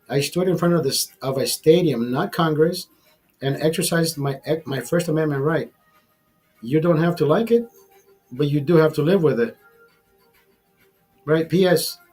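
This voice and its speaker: A man's voice: fairly high pitch, darkish tone, breathy edge. A man hosting a casual livestream, rambling and repeating himself while swearing freely. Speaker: livestream host.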